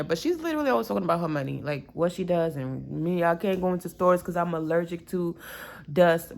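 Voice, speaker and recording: Young woman, lowish voice, casual gossipy recap vlogger with sarcastic asides. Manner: chatty and gossipy, quick asides and sarcastic quips.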